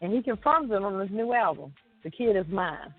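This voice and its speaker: A woman's voice: mid-range voice, lively intonation, a little fast. A woman co-hosting a chat show, reading celebrity news items and adding wry asides. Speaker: co-host reading entertainment news. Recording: tinny phone-like sound with faint music.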